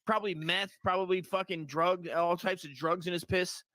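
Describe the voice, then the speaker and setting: A man's voice: high voice, steady tone, normal speed, bright, forceful tone, no room sound. A man co-hosting a comedy talk show, rambling and complaining in crude, profane banter. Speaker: podcast co-host.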